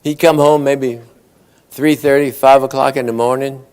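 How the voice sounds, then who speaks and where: A man's voice: medium pitch, steady tone, normal speed, darkish tone, clean tone. Folksy man telling jokes. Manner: folksy, tells long stories and briefly acts out the characters' lines. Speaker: after-dinner joke teller. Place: conference awards ceremony.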